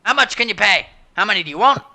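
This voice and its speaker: A man voicing a flashy, pushy male pimp who captains a ship, with loud, high sales patter. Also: expressive, fast talker, full character voice. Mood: brash, pushy.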